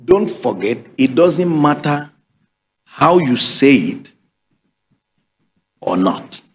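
A man's voice: mid-range voice, very animated, takes it slowly, husky. A man preaching a sermon, emphatic and repetitive, calling on the congregation to repeat after him. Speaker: pastor.

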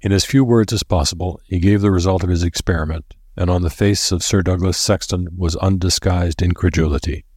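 A man reads a story aloud in a measured, steady manner. His voice is deep with a husky grain, and the recording is dry and close with no room sound. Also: no room sound. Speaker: narrator. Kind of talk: scripted narration.

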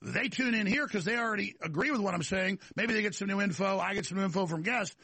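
A man's voice: sits high, fast, sharp tone, husky, no echo. A man hosting a talk show, delivering a rambling, emphatic political monologue full of restarts and repeated words.

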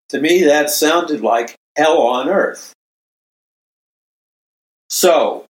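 Brief: older male Christian speaker, unhurried emphatic preaching, roomy echoey recording. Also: a little high. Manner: slow, emphatic, repeats phrases for stress. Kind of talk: preaching monologue. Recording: roomy echo.

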